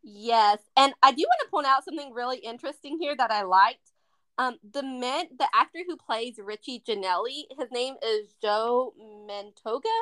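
A woman with a bright, clear voice co-hosts a casual movie podcast. She retells the plot in long stretches and slips into the characters' lines as she goes. Her talk is loose and chatty, full of filler words. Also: a little high, expressive, moderate pace. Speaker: podcast co-host. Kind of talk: casual movie review chat.

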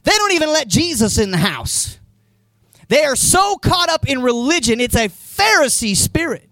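A man's voice: very high-pitched, big pitch swings, moderate pace, sharp tone, no echo. A man preaching a conversational sermon as a pastor in a church, retelling scenes with voices and rising to emphatic points. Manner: rises to emphatic, raised-voice points.

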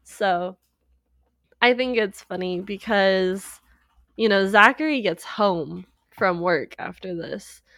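A woman's voice: medium pitch, takes it slowly, dry recording, studio quality. A woman co-hosting a podcast, casually recapping a movie and acting out the characters' lines with frequent laughs. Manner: animated retelling with quoted voices, frequent laughs. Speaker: podcast co-host.

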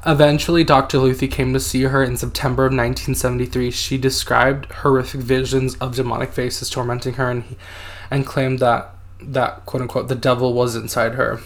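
A man's voice: mid-range voice, little pitch movement, a little fast. Hesitant man telling a story. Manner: hesitant, reads out quotes, many fillers. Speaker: podcast co-host telling a story. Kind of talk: casual storytelling podcast chat.

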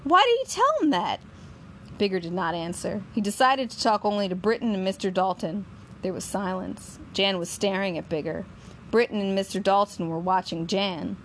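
A woman narrating a novel in a steady, measured storytelling voice. Her pitch sits in the middle range. A faint noise hums beneath the reading.

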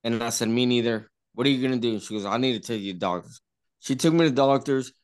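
A man's voice: medium pitch, fast talker, clear, resonant tone. A man at a party telling a long story in a rambling way, repeating himself and acting out what others said. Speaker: party guest. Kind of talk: casual storytelling. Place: indoor party room.

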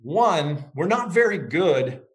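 A middle-aged man being interviewed as an author. He speaks in a reflective, measured way and tells stories. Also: fairly high pitch, big pitch swings. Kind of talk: interview conversation.

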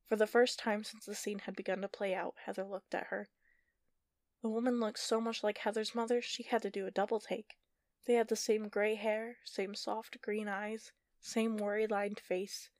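A woman narrating a fantasy story in a steady, measured audiobook style. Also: mid-range voice, dry recording.

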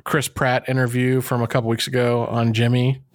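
Podcast guy telling a funny story, jumps up high doing voices, dry close sound. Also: moderate pace, dry recording. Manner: animated storyteller, acting out quotes in higher voices. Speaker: podcast co-host. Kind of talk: casual chat.

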